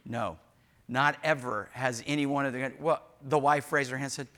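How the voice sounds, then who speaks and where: An older man delivers a sermon with a bright, forward voice. He mixes jokes and family stories into the Bible teaching. He often acts out short quotes. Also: mid-range voice, steady tone, normal speed. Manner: joking, storytelling preacher who acts out quotes. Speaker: pastor.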